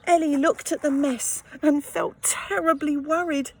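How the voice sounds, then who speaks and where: A woman reading a children's picture book aloud, gently expressive and adding sympathetic asides. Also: sits high, a little slow, background noise. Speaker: storyteller.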